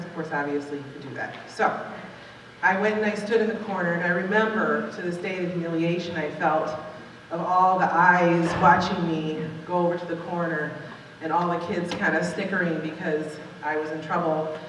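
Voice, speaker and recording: A woman in her forties tells a true story live on stage in an animated, conversational way. Her voice echoes strongly around a large hall, picked up from some distance with a long reverb and a faint hiss underneath. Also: on the low side, moderate pace. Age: 40s.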